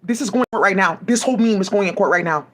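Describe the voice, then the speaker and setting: A woman's voice: medium pitch, fast talker, fairly bright tone. A woman giving rambling, profane commentary full of restarts, agitated asides and fillers, speaking into a home mic. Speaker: commentary vlogger.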